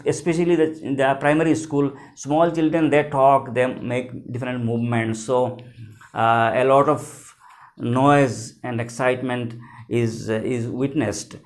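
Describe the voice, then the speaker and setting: Male teacher, slightly high voice, patient, repetitive explainer. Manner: slow, repetitive explaining, spells out words letter by letter. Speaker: English teacher. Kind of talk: explaining a textbook lesson.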